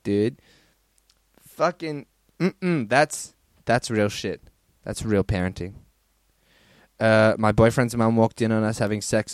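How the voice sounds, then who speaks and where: A man's voice: medium pitch, dry recording, studio quality. A man hosting a podcast, casually reading listener stories in a crude, rambling way and laughing often. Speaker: podcast host.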